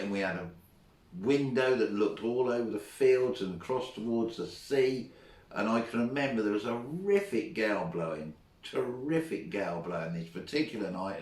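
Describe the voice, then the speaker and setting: A middle-aged man, a former teacher, telling chatty anecdotes as a guest and laughing often along the way. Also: fairly low pitch. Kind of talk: casual storytelling. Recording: roomy, from far off the mic.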